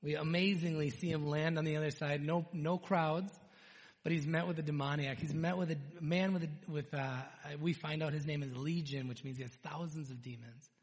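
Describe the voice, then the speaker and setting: A man delivers a sermon, retelling scripture with lively storytelling that sinks to near-hushed tones on the key moments. His voice sits a little high for a man. A long reverb trails every phrase, the sound of a large hall. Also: normal speed. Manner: animated storytelling, dropping to hushed tones for emphasis. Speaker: preacher.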